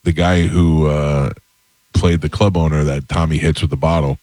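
A man's voice: a bass voice, moderate pace, no room sound. A man hosting a podcast, casually telling anecdotes and acting out the voices of others. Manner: animated, acts out voices in anecdotes. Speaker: podcast host. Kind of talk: casual storytelling.

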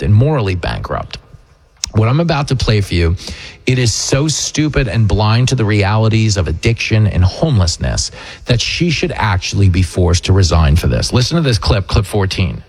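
Brief: husky-voiced middle-aged male talk radio host, sarcastic, mocking, ranting monologue. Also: on the low side, darkish tone.

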